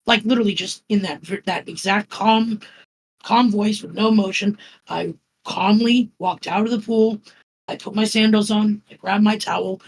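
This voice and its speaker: Gravelly, husky woman telling a story calmly. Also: medium pitch, moderate pace, rough recording. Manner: calm, even telling with many fillers. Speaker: podcast guest. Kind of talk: casual storytelling.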